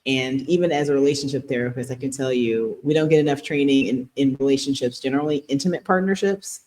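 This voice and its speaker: A woman's voice: a bass voice, quick pace, dark tone. A woman co-hosting a podcast as a relationship therapist, talking earnestly and explaining things in casual chat, often breaking into giggles.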